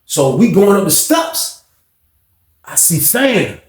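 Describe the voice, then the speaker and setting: A man's voice: sits high, very animated, slow pace. A man casually telling a storytime tale in slang, animating it with acted-out dialogue. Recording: roomy echo.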